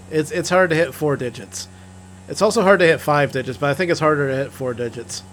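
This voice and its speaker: A man's voice: a little high, fairly bright tone, slight background noise. A man co-hosting a live game stream, chatting in a laid-back way, often stammering and restarting as he greets viewers by name. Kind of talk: casual chat.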